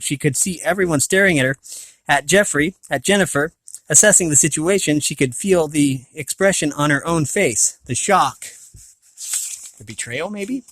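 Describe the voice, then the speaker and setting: Reading a novel in a fairly high, somewhat bright voice without echo, a man records an amateur audiobook. He frequently trips over words, starting again and fixing his mistakes.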